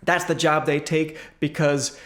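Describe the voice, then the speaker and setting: A man's voice: a little high, little pitch movement, a little slow, fairly bright tone. A man co-hosting a podcast, talking in a wry, earnest way with hesitant restarts. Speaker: podcast co-host. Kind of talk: casual chat.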